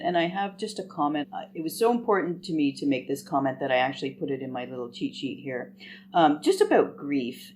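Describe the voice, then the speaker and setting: A woman's voice: sits low, darkish tone, slight background noise. A woman, a guest author on a podcast interview, speaking with thoughtful enthusiasm.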